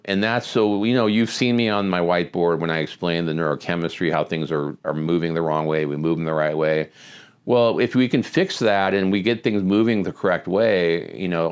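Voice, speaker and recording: Low smooth-voiced male physician. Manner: conversational storytelling with many restarts. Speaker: physician host. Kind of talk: casual talk to camera.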